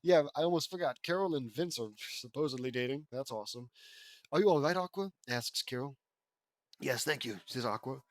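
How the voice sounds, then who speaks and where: A man's voice: mid-range voice, a little fast. A man reading fan fiction aloud, mocking the story in asides between lines and raising his voice for the quoted characters. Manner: mocking, wry commentary between read lines.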